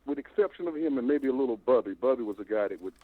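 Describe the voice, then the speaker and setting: Older guy on a tinny phone line, rambling call-in rant, pitch all over the place. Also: racing. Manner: animated, repeats himself, stammering restarts. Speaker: phone-in caller.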